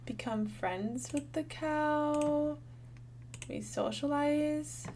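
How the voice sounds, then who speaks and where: A woman in her twenties chats her way through a farming game, bubbly and thinking out loud to her viewers. Her voice sits a little high and she talks at an easy, unhurried pace. Faint keyboard tapping ticks along behind her. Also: slight background noise. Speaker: gaming channel host. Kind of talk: casual gameplay commentary.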